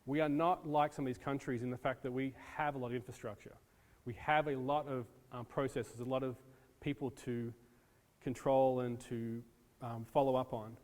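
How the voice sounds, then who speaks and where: A man from the United States lectures a room, chatty and loose, dropping plenty of ums between points. His voice sits at an ordinary pitch. The sound carries a long reverb from a large hall. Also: level tone, normal speed, a little mellow. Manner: casual, talks to audience, many ums. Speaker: disaster preparedness presenter. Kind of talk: classroom lecture.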